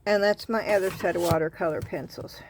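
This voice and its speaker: A woman with a Southern US accent chatting casually about craft finds, excited about bargains and rambling into little asides. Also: fairly low pitch, brisk, a little hiss or hum. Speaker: craft vlogger. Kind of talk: casual haul and craft chat.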